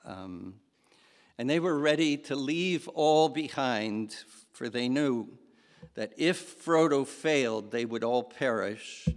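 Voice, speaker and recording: A man preaching a sermon, telling a story in a halting way and acting out the quoted lines. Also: medium pitch, animated. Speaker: pastor. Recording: long hall reverb.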